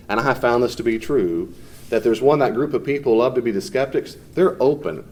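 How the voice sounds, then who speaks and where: A man's voice: mid-range voice, mellow, slight background noise. A man teaching a class in a conversational, off-the-cuff way, fielding questions from students and often mimicking people in short quoted voices.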